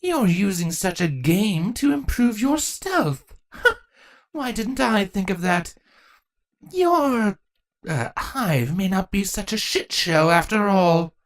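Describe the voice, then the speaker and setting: A woman's voice: mid-range voice, big pitch swings, slow, voice pushed up. A woman voicing a grumpy, foul-mouthed changeling queen with a snappish, grumbling manner in a storybook reading. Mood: sardonic.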